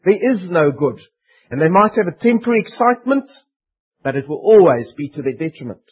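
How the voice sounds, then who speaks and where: A man's voice: fairly high pitch, very animated, fairly quick, breathy edge, muffled recording. A man preaching a sermon in an earnest, emphatic way. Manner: earnest, emphatic, voicing pleading demons.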